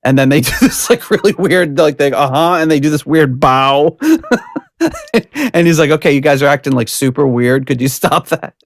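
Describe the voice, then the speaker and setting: A man's voice: on the high side, normal speed, dry recording, clean studio sound. A man hosting a podcast, chatting casually and rambling with laughs and restarts. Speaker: podcast host.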